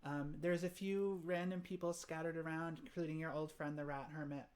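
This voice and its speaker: A woman narrating a tabletop game as game master, often pausing and restarting. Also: low-pitched, steady tone, a little mellow. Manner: hesitant, many fillers and restarts.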